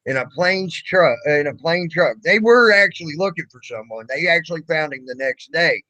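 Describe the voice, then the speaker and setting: A man's voice: fairly high pitch, normal speed, no echo, rough recording. A man hosting a livestream, telling a story in a loose, profane way and acting out the other people in it. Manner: profane, animated, acts out quoted voices. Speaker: livestream host. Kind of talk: casual storytelling chat.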